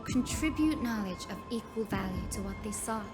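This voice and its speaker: An actress voicing a young woman scholar and assistant lecturer in a game, explaining in a clear, measured way. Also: medium pitch, animated, natural voice. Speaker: game character. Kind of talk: game voice acting. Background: game music.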